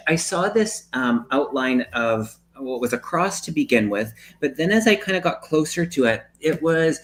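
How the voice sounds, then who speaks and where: Soft-spoken man hosting psychic readings. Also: fairly high pitch, animated, normal speed. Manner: soft, meandering, thinks aloud in loose analogies. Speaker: psychic medium and stream host. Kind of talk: live-stream psychic reading.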